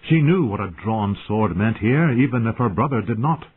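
A man narrating a fantasy audiobook in a measured, tense storytelling manner. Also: fairly low pitch, expressive, husky. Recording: tinny phone-like audio.

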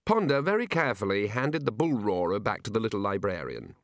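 A man narrating an audiobook in a lively, expressive storytelling manner. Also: on the low side, brisk, creaky, no room sound, studio quality.

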